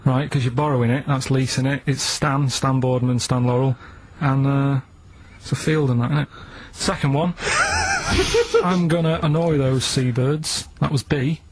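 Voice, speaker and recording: A man's voice: medium pitch, fairly even intonation, normal speed, hardly any pauses, darkish tone, slight background noise. A man who is a regular on a radio show, chatting casually in a plodding, hesitant way and repeating himself. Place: radio studio.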